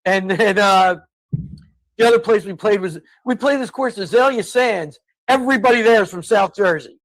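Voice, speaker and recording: A man's voice: sits high, moderate pace, no room sound, low-quality recording. A man co-hosting a casual podcast, telling stories and ranting in exasperated bursts. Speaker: co-host.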